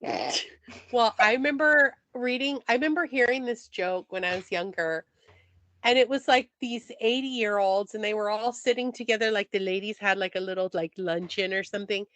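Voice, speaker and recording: A woman's voice: medium pitch, normal speed, fairly bright tone, no echo. A woman co-hosting a podcast in casual chat, playful and teasing, with lots of "like". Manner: playful, teasing, says "like" a lot. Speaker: podcast co-host.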